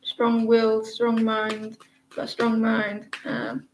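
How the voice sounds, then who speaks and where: A woman reading tarot cards on a live stream, chatting with viewers and explaining the cards in a slow, halting way, with many fillers and restarts. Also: fairly high pitch, completely flat delivery, echoey room, a little hiss or hum, low-quality recording. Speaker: tarot reader.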